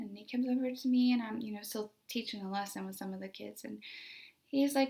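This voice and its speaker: A woman's voice: fairly high pitch, moderate pace. Chatty young woman telling a story. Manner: conversational, many fillers like "like" and "you know". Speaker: special education teacher. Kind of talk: casual storytelling monologue.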